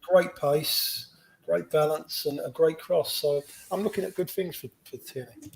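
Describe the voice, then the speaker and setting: A man's voice: a little high, unhurried, vocal fry, rough recording. A man co-hosting a football podcast, talking enthusiastically and rambling a bit. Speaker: podcast co-host. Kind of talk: casual football chat.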